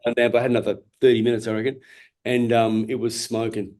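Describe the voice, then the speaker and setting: A man's voice: medium pitch, flat delivery, quick pace, a little mellow. A tired Australian man in his forties, a former boxer chatting as an interview guest, blunt and profane, often repeating himself and restarting sentences. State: tired and yawning. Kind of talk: casual interview chat.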